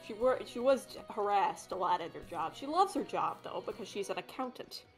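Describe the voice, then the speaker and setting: A woman's voice: mid-range voice, lively intonation, normal speed, faint music behind. A woman streamer chatting and reading a story aloud in a jokey, laughing way.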